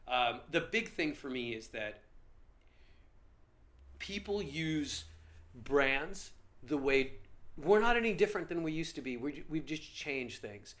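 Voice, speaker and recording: A male comedian guest telling stories in a casual podcast interview with an animated, lively manner. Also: on the high side, takes it slowly, long pauses.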